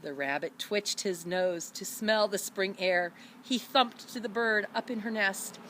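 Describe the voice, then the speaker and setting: A woman reading a storybook aloud for children, animated, with high voices for each animal. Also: a little slow, a little hiss or hum. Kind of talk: read-aloud storybook narration.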